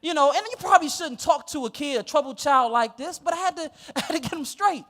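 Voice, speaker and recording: A male pastor telling a story in a sermon, animated and laughing as he goes. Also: very high-pitched, fast.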